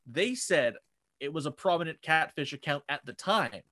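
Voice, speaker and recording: A man's voice: on the high side, animated, moderate pace, bright, forceful tone, dry recording, clean studio sound. A young man co-hosting a podcast, recapping online drama in a casual, rambling way with many fillers and restarts. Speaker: podcast co-host. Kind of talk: casual chat.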